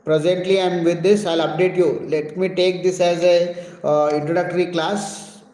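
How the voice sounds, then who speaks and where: Physics teacher, male, Telugu accent, fairly high voice, answers viewer questions live, echoey hall sound. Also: flat delivery, moderate pace, a little mellow. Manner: reads viewer questions aloud and answers them. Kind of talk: live-stream Q&A. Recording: echoey room with long reverb.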